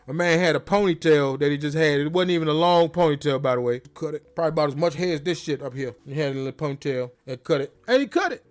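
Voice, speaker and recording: A young man hosting a casual, jokey wrestling recap in slangy, animated talk. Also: high voice. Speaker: host.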